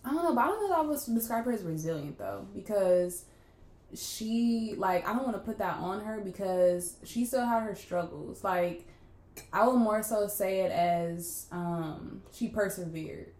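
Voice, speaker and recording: Animated young woman chatting in an echoey room. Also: mid-range voice, normal speed. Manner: animated storyteller, acts out quotes loudly with laughter. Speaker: podcast co-host. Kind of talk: casual chat. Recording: echoey room with faint background noise.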